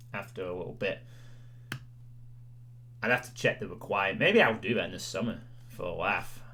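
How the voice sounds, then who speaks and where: A man's voice: fairly low pitch, bright, forceful tone. A male streamer chatting casually with his audience, rambling and self-deprecating, with lots of "you know"s. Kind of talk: casual chat with a livestream audience.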